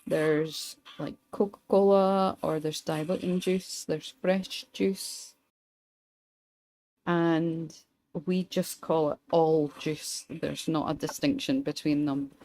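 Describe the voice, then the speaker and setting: A young Scottish woman streaming a game, chatting wryly with her viewers and pausing mid-thought. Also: low voice, fairly even intonation, a little mellow, rough recording. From Scotland. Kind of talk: casual gameplay commentary, chatting with viewers.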